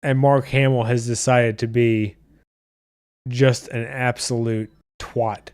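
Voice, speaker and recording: Man, podcast host, mid-pitched, blunt and profane, casual chat, dry close sound. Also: level tone, slow pace, a little mellow, smooth, no echo.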